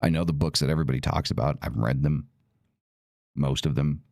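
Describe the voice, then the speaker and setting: Very deep, gravelly-voiced man. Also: brisk, a little mellow, dry recording. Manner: blunt and profane, emphatic. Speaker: podcast host. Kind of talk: casual talk.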